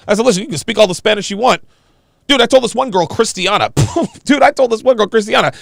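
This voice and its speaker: A man's voice: high-pitched, lively intonation, fast, vocal fry, a bit bright, no room sound. A man hosting a livestream, giving casual, profane reaction commentary and talking to viewers as "dude.". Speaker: livestream host reacting to a video.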